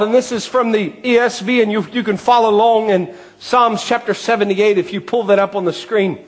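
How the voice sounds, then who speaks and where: A man preaching a sermon, impassioned and often shouting, drawing out words for emphasis. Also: very high voice, steady tone, moderate pace, few pauses.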